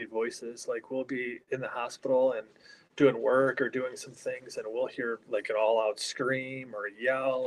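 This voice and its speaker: A man who keeps up a haunted hospital, talking casually and keeping his voice low in an interview, with a headset inside the building. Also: a little hiss or hum, low-quality recording. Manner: talks quietly, keeping his voice down. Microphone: earpiece headset.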